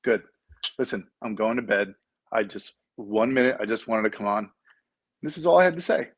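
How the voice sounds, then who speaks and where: A man's voice: lowish voice, lively intonation, normal speed, dry recording. A middle-aged man calling in as a guest, joking and laughing as he tells a story. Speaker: guest caller. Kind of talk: casual chat on a video call.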